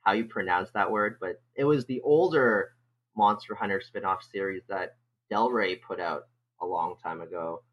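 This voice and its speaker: A man's voice: low voice, moderate pace, slightly rough, highs cut off. A man co-hosting a casual podcast, speaking in an easygoing, thoughtful way. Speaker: podcast co-host.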